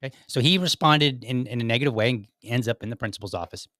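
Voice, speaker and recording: A man's voice: medium pitch, fast talker, bright, forceful tone, dry recording, studio quality. Chatty man hosting a political podcast. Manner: conversational, many restarts and "like" asides. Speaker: podcast host. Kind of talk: casual political commentary.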